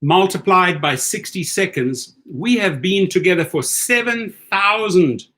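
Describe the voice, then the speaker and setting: A middle-aged man with a South African accent hosts a livestream chat, coaching his listeners in an energetic way and often repeating himself. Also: high voice, measured pace. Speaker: host. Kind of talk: livestream chat giving advice.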